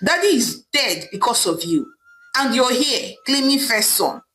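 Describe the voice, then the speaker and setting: Storybook: woman playing a scornful, stern younger brother, scolding tone, soft music behind. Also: fairly high pitch, big pitch swings, measured pace, exaggerated voice, poor audio.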